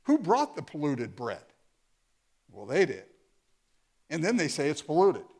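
Male preacher, slightly high voice, very expressive intonation, scripture readings with sarcastic commentary. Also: unhurried, breathy edge. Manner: animated, reads scripture aloud then explains it with sarcastic asides. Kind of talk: sermon.

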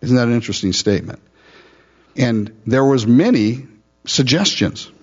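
A man's voice: medium pitch, expressive, moderate pace, dull audio. A man preaching a sermon as pastor, teaching verse by verse, laughing often and acting out the Bible figures with sarcasm.

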